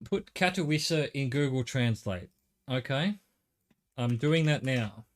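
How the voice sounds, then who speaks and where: A man's voice: medium pitch, animated, slow. Middle-aged Australian man streaming a game. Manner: thinks aloud, chatty with viewers, swears casually. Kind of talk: live game-stream commentary.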